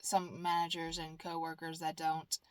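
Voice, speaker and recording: A woman's voice: low voice, monotone, moderate pace, dry recording. A woman talking casually to her camera, rambling and blunt, swearing freely and mimicking whiny voices. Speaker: vlogger.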